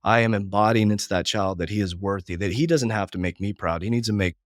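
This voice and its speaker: A man in his forties who talks at a brisk clip in a lowish voice. He speaks with heartfelt emotion about faith and family. The sound is dry and close. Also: no room sound. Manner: fast, heartfelt, religious. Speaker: business coach, guest. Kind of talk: emotional podcast conversation.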